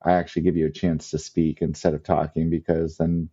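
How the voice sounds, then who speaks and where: A man's voice: very deep voice, little pitch movement, brisk, mellow, husky, highs cut off. A man co-hosting a podcast, chatting casually in a rambling, self-deprecating way and laughing often. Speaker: podcast co-host. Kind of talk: casual chat.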